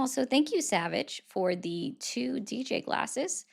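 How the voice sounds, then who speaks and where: A woman's voice: on the high side, lively intonation, unhurried, creaky. Chatty woman hosting a live stream. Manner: chatty, self-deprecating, rambling. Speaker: livestream host taking callers. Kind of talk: casual livestream chat.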